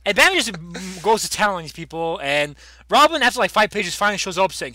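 A man co-hosting a casual podcast, recapping a comic book with animated, stumbling restarts. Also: high voice, quick pace, no room sound. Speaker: podcast co-host.

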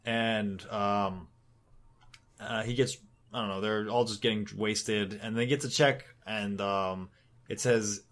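A man's voice: fairly low pitch, fairly even intonation, slow, a bit bright. Rambling, cursing male podcast co-host. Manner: rambling, swears, acts out quotes. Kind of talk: casual chat recapping a comic.

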